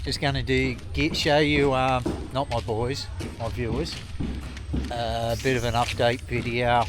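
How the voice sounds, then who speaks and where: A man's voice: mid-range voice, flat delivery, unhurried, over music. A man, chatting casually and joking as he films a vlog outdoors at his home. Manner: joking, blokey banter. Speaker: vlogger.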